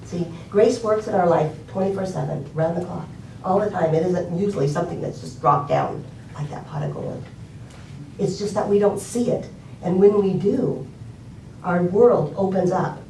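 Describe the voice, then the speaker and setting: A woman's voice: lowish voice, moderate pace, darkish tone, roomy sound, far from the mic, a little hiss or hum, poor audio. An older woman telling an inspirational story in a conversational way, with fillers and emphatic repetition. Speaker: speaker.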